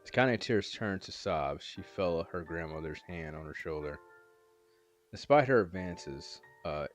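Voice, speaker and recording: A deep-voiced man reads a novel aloud. He goes haltingly, pausing to correct misread words. Faint music plays behind him. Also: lively intonation. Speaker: reader.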